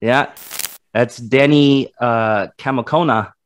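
A man co-hosting a casual movie review podcast, retelling scenes in an animated, rambling way with frequent restarts. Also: mid-range voice, slow pace. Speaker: podcast co-host.

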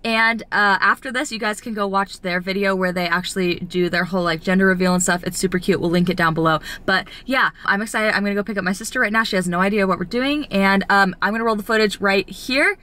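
Bubbly twenty-something girl vlogging to camera, bright tone, lots of like and um. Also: medium pitch, fairly even intonation, quick pace, few pauses. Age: 20s. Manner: gushing and upbeat, lots of fillers. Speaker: vlogger host. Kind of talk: casual vlog talk to camera.

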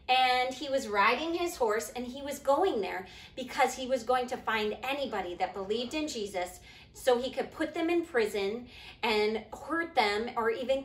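High-voiced woman telling a kids' Bible story. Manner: gentle, sing-song, talking slowly to small kids. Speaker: preschool Bible teacher. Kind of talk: storytelling to young children. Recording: echoey room.

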